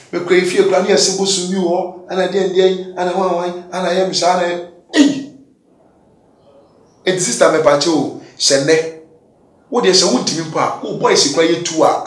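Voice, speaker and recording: Man telling his story, loud bursts then mutters. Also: lively intonation, a little fast, pauses often. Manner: swings between loud emphatic bursts and low mutters. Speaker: guest giving a confession testimony. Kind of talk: candid storytelling interview. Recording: echoey room, distant mic.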